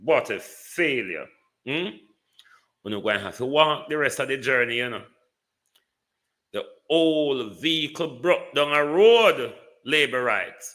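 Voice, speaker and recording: A man's voice: medium pitch, lively intonation, a little slow, fairly bright tone. A man with a Jamaican accent giving live political commentary, taunting and rhetorical, often asking "hmm?".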